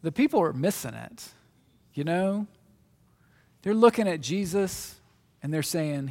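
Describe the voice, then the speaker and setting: A man's voice: a little high, animated, measured pace, long pauses. Conversational male preacher in a reverberant hall. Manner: conversational, swings between loud emphatic asides and quiet reflection. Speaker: pastor. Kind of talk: sermon.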